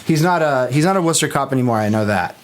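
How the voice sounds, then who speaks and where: A man's voice: medium pitch, expressive, racing. A man hosting a casual podcast, talking loosely with lots of "dude" and "um". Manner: loose and laid-back, says "dude" a lot, uses fillers. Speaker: podcast host. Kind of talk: casual chat.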